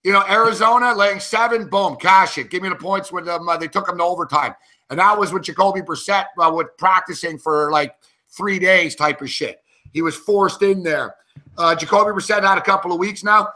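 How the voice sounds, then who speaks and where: A man talking football bets in loose, profane chat, getting worked up as he rants. His voice sits high and sounds very bright and forceful. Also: a little fast. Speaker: co-host and sports handicapper. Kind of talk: casual sports betting chat.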